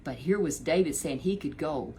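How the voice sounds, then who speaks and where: A woman storyteller telling a Bible story in an animated, chatty way with lots of repetition. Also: deep voice, normal speed, a little hiss or hum.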